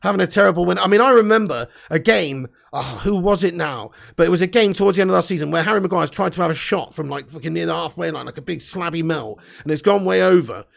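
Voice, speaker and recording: Gravelly, sweary lad ranting. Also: male voice, fairly high pitch, fast talker, few pauses. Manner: blunt, sweary, excitable banter. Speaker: livestream host. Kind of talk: live fan chat reading comments.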